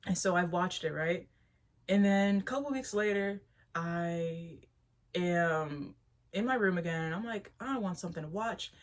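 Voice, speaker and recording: Here a young adult woman vlogs about spirituality, talking to the camera in a loose, lively ramble full of laughter and restarted sentences. Her pitch is fairly low and she takes her time.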